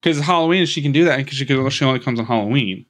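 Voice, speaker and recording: A man's voice: mid-range voice, rapid-fire, fairly bright tone. A man on a podcast casually recapping a movie, rambling and joking and acting out the characters' lines. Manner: rambling and jokey, with frequent restarts and playful quoted voices.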